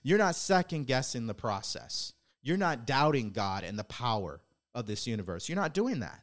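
A man at medium pitch, speaking at normal speed with big swings in his intonation, hosts his own podcast. He delivers a motivational monologue that's blunt and preachy, casually profane, and full of rhetorical questions challenging the audience.

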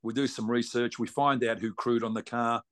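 A man's voice: mid-range voice, fairly even intonation, normal speed, a bit bright. A man with an Australian accent, a racing guest telling a long story in a blunt, salty, colloquial way. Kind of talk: casual storytelling.

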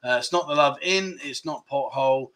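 A man's voice: mid-range voice, moderate pace, fairly bright tone. A middle-aged man, hosting a casual livestream, telling jokey stories and reading out viewer comments. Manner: chatty, jokey storyteller, laughs often. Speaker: livestream host.

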